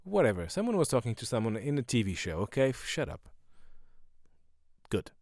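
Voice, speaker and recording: A middle-aged man hosting a solo podcast, rambling sardonically and breaking into quick silly voices. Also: mid-range voice, very animated, vocal fry, a little mellow, no room sound, studio quality. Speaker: podcast host.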